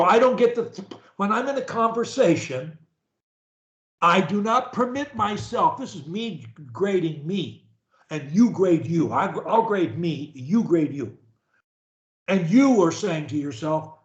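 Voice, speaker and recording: A man coaching a stutterer over a video call, preachy and animated, swinging from loud to whispered. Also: high voice, unhurried, roomy sound. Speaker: speech coach.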